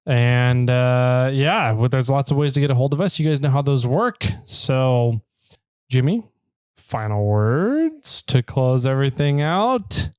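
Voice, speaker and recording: A man hosting a podcast with friends, talking in a relaxed, easygoing way and closing out the episode with a catchphrase. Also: mid-range voice, measured pace, smooth, dry recording, studio quality. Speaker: podcast host. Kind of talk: casual chat. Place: podcast recording room.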